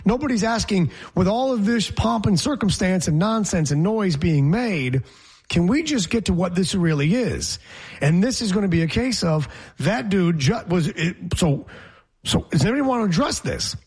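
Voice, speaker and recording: A man, a reporter, telling a story in casual chat, emphatic and animated. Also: high-pitched, moderate pace, husky. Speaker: reporter guest.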